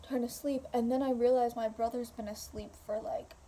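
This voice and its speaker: A woman's voice: on the high side, steady tone, normal speed, mellow, slight background noise. A young woman casually telling a story to camera at home, rambling with fillers and swearing. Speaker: vlogger. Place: home room.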